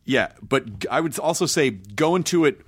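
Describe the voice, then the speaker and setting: A man hosting a podcast, chatting in an animated, jokey and effusive way with his guest. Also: medium pitch, normal speed, slightly rough, no echo, clean studio sound. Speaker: podcast host. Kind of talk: casual interview chat.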